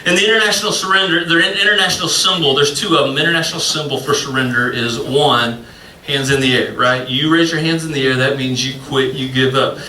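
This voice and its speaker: A man's voice: medium pitch, quick pace, sharp tone, distant mic, slight background noise. A man, a pastor telling a rambling, self-mocking story in a sermon, full of fillers. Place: church sanctuary. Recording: echoey room, voice from off-mic.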